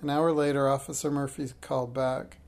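A man reading a children's detective story aloud, steady and plain, now and then stumbling and correcting himself. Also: mid-range voice, brisk. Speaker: reader.

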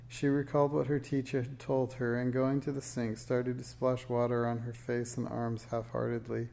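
A man reads a children's storybook aloud at a steady, gentle pace. His voice is mellow and dark with a gravelly texture underneath. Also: mid-range voice. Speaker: reader. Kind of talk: storybook read-aloud narration.

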